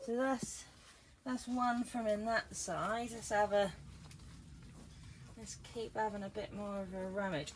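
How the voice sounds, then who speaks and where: A woman's voice: mid-range voice, steady tone, unhurried, pauses often, slight background noise, rough recording. A woman chatting casually while gardening and squealing with delight at each find, filmed on a GoPro outdoors. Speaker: gardening vlogger. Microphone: GoPro camera.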